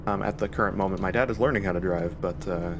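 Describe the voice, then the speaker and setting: A man's voice: sits low, fast talker, noisy background. A young man giving rambling, panicky commentary while playing a video game, talking to himself. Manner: panicky, rambling, self-talking with nervous laughs. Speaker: gaming YouTuber. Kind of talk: live gameplay commentary.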